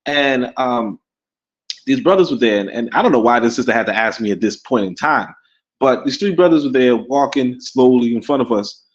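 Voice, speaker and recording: Speaking expressively at a moderate pace with a medium-pitched voice, this Caribbean-born podcast co-host is abroad in Africa for a casual livestream. The highs are cut off, and he rambles, repeats himself, and chuckles.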